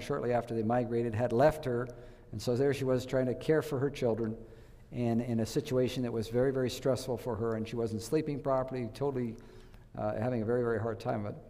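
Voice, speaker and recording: A man's voice: medium pitch, mellow. Man, church health talk, storyteller who asks the audience questions, echoing hall reverb. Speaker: health speaker.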